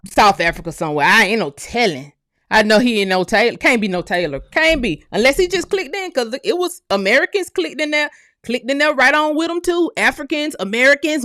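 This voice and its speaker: A young woman with a high voice reacts out loud to a news clip. She talks loosely and outspokenly, full of exclamations and laughter. The sound is close and dry, with no room around it. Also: no room sound. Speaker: channel host. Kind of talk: casual reaction commentary.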